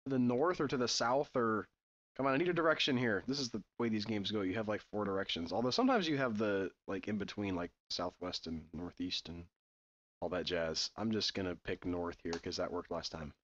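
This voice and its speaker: Man, gamer, reading game text aloud, sarcastic asides, animated pitch, muffled lo-fi sound. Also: fairly quick. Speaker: let's-play gamer.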